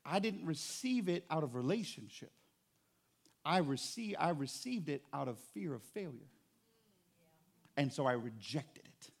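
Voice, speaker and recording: A man preaching a sermon as pastor, animated and conversational, with joking asides to the congregation. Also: fairly high pitch, a little slow, pauses often.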